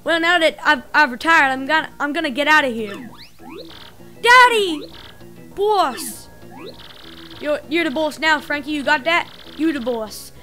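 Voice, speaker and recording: A woman's voice: high-pitched, brisk, sharp tone. A woman reading the lines of an old male mob boss from a video game, in a tough-guy drawl, over faint game music. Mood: jovial.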